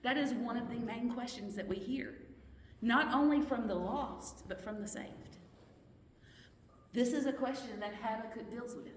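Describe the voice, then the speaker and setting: A woman's voice: on the high side, normal speed, a little hiss or hum. Woman Bible study teacher, earnest and questioning, recorded from a distance in a roomy hall. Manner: earnest, questioning, restarts mid-sentence.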